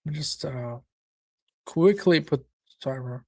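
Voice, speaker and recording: A man's voice: a little high, slow pace, darkish tone. A man hosting a live football watchalong, chatting casually, reacting to the match and viewers' comments, with occasional swearing. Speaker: watchalong host.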